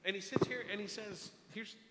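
A man preaching a sermon, telling a story in an animated way and repeating words as he goes. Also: high-pitched, fairly quick. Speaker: pastor. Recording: echoey hall, long reverb, faint hiss.

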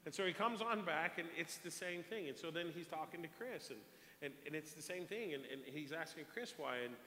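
Forceful bright-voiced preacher in an echoey hall. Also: male voice, fairly high pitch, brisk. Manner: animated storyteller, repeats words as he goes. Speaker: pastor. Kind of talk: sermon with storytelling. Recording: echoey hall, long reverb, faint hiss.

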